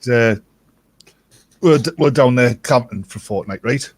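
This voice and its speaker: A man's voice: mid-range voice, normal speed, slightly rough, dry recording. A man in his fifties hosting a casual livestream, telling jokey anecdotes. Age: 50s. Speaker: host.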